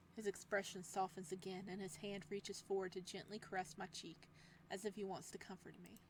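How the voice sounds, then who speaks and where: A woman's voice: medium pitch, fairly quick, slight background noise. Young woman narrating a horror visual novel. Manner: expressive, jokey asides that turn loud and animated. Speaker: gamer reading a visual novel. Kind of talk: game playthrough narration with casual commentary.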